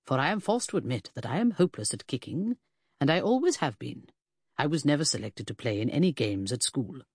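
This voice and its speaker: Reader doing a stuffy pedantic old-school detective gent, husky voice, bouncy pitch. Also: male voice, very animated, brisk, no echo, clean studio sound. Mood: fussy. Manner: pompous, precise, pedantic. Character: pompous fussy Victorian gentleman detective.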